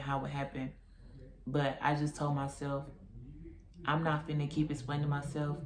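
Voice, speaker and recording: Young woman telling a story in a roomy echo. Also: sits low. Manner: animated retelling with quoted voices. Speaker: vlogger. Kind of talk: casual storytime.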